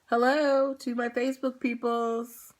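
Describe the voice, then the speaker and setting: A woman's voice: fairly high pitch, little pitch movement, measured pace. A young woman hosting a livestream, chatting casually with viewers, tired and laughing often. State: tired, yawning. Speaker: livestream host. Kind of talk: casual pre-show chat to viewers.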